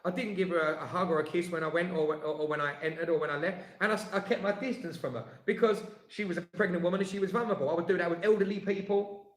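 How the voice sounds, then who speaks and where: A man's voice: sits high, fairly even intonation, fast. A man telling an indignant story in casual chat, with lots of restarts. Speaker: co-host. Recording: echoey room.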